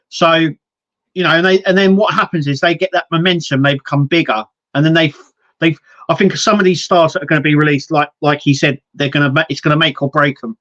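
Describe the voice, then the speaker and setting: A man's voice: a little high, fairly even intonation, a little fast, fairly bright tone. Rambling man on a lo-fi podcast. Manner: rambling, many restarts and acted-out quotes. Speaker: podcast co-host. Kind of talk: casual wrestling chat.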